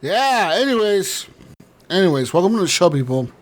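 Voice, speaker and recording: Man, gaming podcast host, slightly high-pitched, rambling and profane. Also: big pitch swings, normal speed. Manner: profane, rambling, laughs often. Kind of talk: casual podcast chat.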